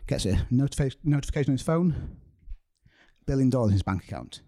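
A man's voice: medium pitch, lively intonation, quick pace, mellow. A man with a Mancunian accent, a comedian guest in casual podcast chat, who swears freely and tells jokes with acted voices.

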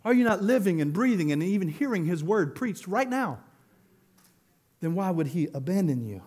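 A man preaching a sermon as pastor, animated, laughing and acting out quotes as he goes. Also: high voice, moderate pace.

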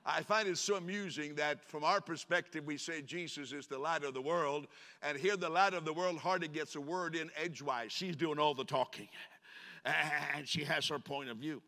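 A man delivers a sermon to his congregation, animated and playful as he teases the crowd. His voice sits a touch high and rings bright and forceful. A long church reverb trails each phrase. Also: moderate pace. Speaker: pastor. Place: church sanctuary.

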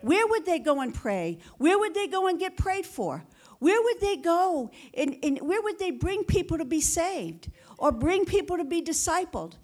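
High-voiced fervent woman pastor preaching. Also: very animated, normal speed, a little mellow. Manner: fervent preaching with rhetorical questions and call-and-response "Amen?"; repeats phrases for emphasis. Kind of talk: sermon.

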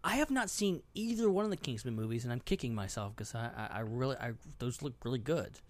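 A man co-hosting a podcast, chatting casually about movies with expressive, quick reactions. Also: medium pitch. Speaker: podcast co-host.

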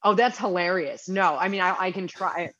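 A woman's voice: fairly low pitch, a little fast, fairly bright tone, dry recording. Woman guest, chatty and self-deprecating, dull lo-fi audio. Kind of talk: casual interview chat.

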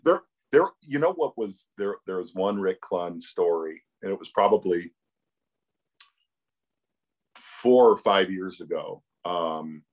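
A man's voice: low-pitched, expressive, takes it slowly. A middle-aged man, a tournament commentator, telling stories with animation and laughter in a casual interview.

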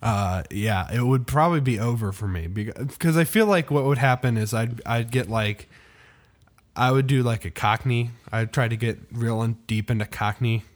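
A man co-hosting a casual comedy podcast, his voice at an ordinary middle pitch. He talks in an easygoing, self-deprecating way, pausing on fillers as he builds up a joke. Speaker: podcast co-host.

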